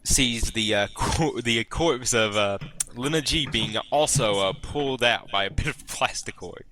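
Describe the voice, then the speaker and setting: Bright-sounding guy gm'ing a tabletop game, umming and chuckling a lot, mid pitch. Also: unhurried. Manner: hesitant, full of uhs, chuckling. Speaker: game master.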